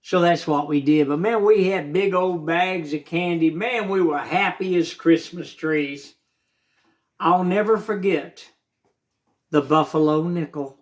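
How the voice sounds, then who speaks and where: A man's voice: a little high, unhurried. A man in his seventies telling a childhood story as a channel host, in a folksy way and talking straight to his viewers. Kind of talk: casual storytelling of childhood memories.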